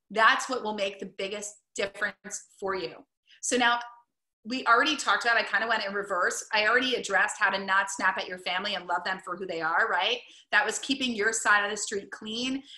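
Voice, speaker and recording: A woman talks in a bright, clear voice, coaching her listeners in a chatty, upbeat way. She keeps dropping "like" and "right?" between her points. Her voice rings in an echoey room. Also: mid-range voice. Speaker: wellness coach. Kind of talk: casual teaching talk to camera.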